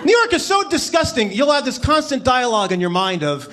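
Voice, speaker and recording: A man doing a stand-up comedy set on a club stage, animated and mock-incredulous, acting out little voices as he tells his stories. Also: extremely high pitch, brisk. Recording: live club recording with crowd noise. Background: audience laughter.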